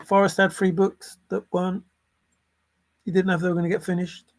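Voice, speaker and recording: Brisk and level in tone, a high-pitched man offers unscripted solo commentary as a treasure-hunt vlogger. He swears, repeats phrases for emphasis, and comes across as sarcastic and exasperated.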